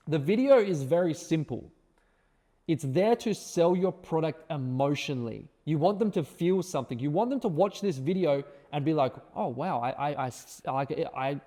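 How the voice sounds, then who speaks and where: Man, teaching tutorial, emphatic, keeps asking right and okay, warm mellow voice, long reverb. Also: fairly high pitch, expressive, normal speed. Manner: emphatic, repeats words, tag questions. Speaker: course instructor. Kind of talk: screen-share tutorial.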